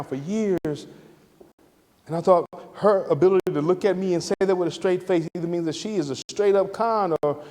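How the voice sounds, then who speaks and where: Animated man telling a story. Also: on the high side. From Atlanta, Georgia. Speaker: guest lecturer. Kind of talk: personal storytelling lecture. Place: lecture hall. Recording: reverberant lecture hall.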